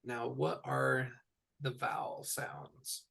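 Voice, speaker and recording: A man teaching a one-on-one language lesson, patiently explaining sounds and repeating each word slowly. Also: mid-range voice, little pitch movement, creaky, fairly bright tone, husky. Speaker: Hebrew teacher. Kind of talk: tutoring session.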